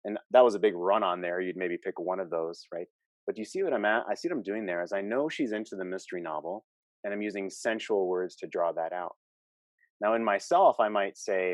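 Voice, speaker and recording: A man's voice: low voice, no echo. A man co-hosting a relationship coaching talk, explaining earnestly with examples and quoted lines.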